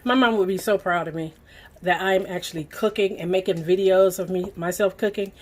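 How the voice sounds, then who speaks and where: Middle-aged Southern woman, home cooking host, chatty and folksy, mid-pitched voice, kitchen setting. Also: fairly even intonation, a little fast. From Southern United States. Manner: folksy, talks straight to viewers while stirring.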